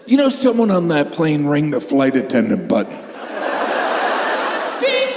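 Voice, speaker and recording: A middle-aged man performing stand-up comedy, deadpan, bursting into shrieking exaggerations. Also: on the high side, unhurried, long pauses. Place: large live comedy venue with audience laughter. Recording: echoey hall, noisy audience room.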